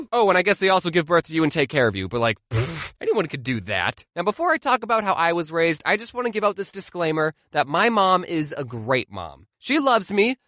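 A young man tells comedic storytime tales with sarcastic, deadpan asides. His intonation swings widely. The sound is close and dry, with no room echo. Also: fairly high pitch, brisk, few pauses. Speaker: vlogger.

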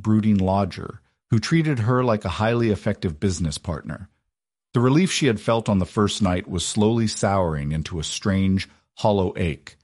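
Male narrator, low husky voice, dry, steady dramatic storytelling. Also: dry recording.

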